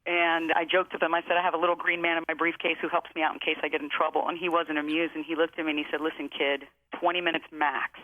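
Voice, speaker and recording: A woman's voice: sits low, flat delivery. Emphatic woman over a tinny phone line. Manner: emphatic, slows down for key phrases. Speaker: guest. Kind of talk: motivational storytelling.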